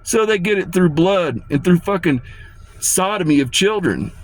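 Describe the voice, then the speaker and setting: A man's voice: sits high, expressive, normal speed. A man delivering a rambling, profane and menacing rant to his viewers, often repeating himself. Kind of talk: ranting monologue to camera.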